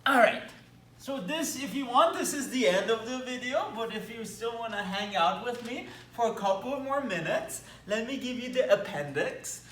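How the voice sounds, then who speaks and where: A man's voice: very high-pitched, expressive, normal speed, fairly bright tone, slight background noise. A man with a Belgian accent teaching math at a whiteboard, talking with enthusiasm and playful asides. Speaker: math lecturer. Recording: echoey room, mic at a distance.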